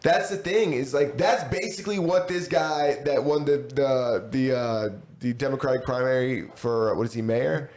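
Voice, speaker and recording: A man's voice: medium pitch, moderate pace, few pauses, darkish tone. A young man co-hosting a podcast, bantering casually in slang and reading chat messages aloud. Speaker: podcast co-host.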